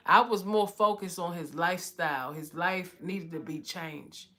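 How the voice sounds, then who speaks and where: A woman's voice: fairly low pitch, steady tone, measured pace, pushed and bright. Woman, heartfelt testimony, casual storytelling. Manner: heartfelt, repeats "you know" often. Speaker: vlogger telling her story. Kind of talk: emotional personal testimony.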